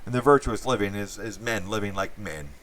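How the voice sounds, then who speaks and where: A man's voice: lowish voice, brisk, fairly bright tone, slight background noise. A man giving a blunt, profane, meandering opinion monologue full of fillers. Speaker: channel host.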